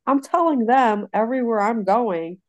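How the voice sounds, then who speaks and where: A woman in her forties telling stories in a casual chat, animated and blunt with some swearing. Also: fairly high pitch, normal speed, no room sound, low-quality recording. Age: 40s.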